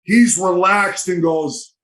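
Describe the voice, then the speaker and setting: Animated older man telling hockey stories. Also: high voice, slow, slight background noise, low-quality recording. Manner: animated anecdotes, acts out quoted voices. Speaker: podcast guest. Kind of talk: casual storytelling.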